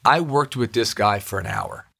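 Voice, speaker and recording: A man's voice: lowish voice, animated, normal speed, creaky, fairly bright tone, husky, no echo, studio quality. A man, a podcast co-host and actor, chatting casually and telling an enthusiastic personal story.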